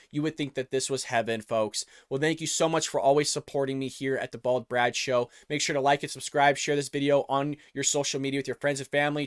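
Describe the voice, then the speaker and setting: A man's voice: on the high side, fairly bright tone, smooth, no room sound, clean studio sound. A man hosting a reaction show, giving emphatic, repetitive commentary on a video clip. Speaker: host of a political reaction show.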